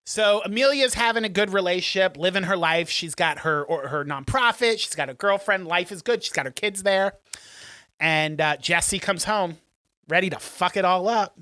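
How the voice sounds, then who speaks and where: Bright-voiced man retelling a film plot. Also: high voice, moderate pace, no echo, clean studio sound. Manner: rambling, with many ums and restarts, acting out quoted lines. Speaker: podcast co-host.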